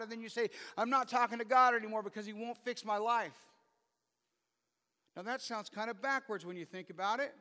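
Bright high-voiced preaching man in a hall. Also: fairly even intonation, brisk, clear, resonant tone. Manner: asks the audience many rhetorical questions. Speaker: pastor. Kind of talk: sermon. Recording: long reverb of a hall.

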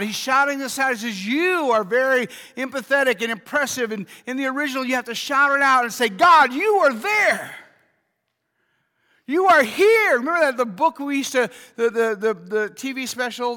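High, bright-voiced preacher in a reverberant hall. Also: male voice. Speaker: pastor. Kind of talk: sermon.

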